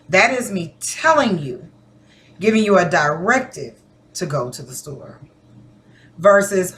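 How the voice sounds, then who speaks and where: A woman's voice: on the low side, measured pace, slight background noise. A woman teacher giving a recorded lesson to her students, chatting casually and acting out different tones of voice. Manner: conversational, animated demonstrations of tone.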